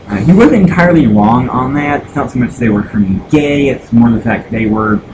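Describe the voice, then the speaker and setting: A man's voice: mid-range voice, animated, brisk, dull audio, background noise. A man from the United States chatting casually while streaming retro games, rambling with lots of fillers and restarts. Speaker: gaming streamer. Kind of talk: casual live-stream chat.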